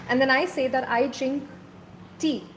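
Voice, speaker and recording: A woman's voice: high-pitched, fairly even intonation, unhurried, a bit bright, slight background noise. A woman with an Indian English accent teaching a casual step-by-step drawing lesson, often checking in with the viewer. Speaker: doodle art teacher.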